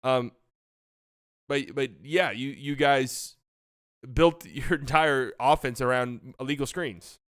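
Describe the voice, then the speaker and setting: A man's voice: medium pitch, slow, fairly bright tone, smooth, no room sound, studio quality. A young man hosting a casual basketball talk show, ranting with exasperation and repeating himself. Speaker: sports podcast host.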